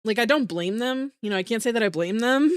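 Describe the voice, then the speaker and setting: A woman's voice: a little high, expressive, brisk, clean tone, dry recording, clean studio sound. A woman streamer chatting casually with her viewers, bubbly and giggly, full of "like" fillers, with an emotional voice that rises into teary squeals.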